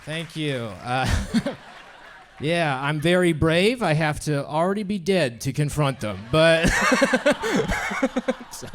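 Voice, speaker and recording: A man's voice: a little high, very animated, slow pace, fairly bright tone, a faint crowd. A young man performing a brash, crude stand-up set in a comedy club, laughing at his own jokes.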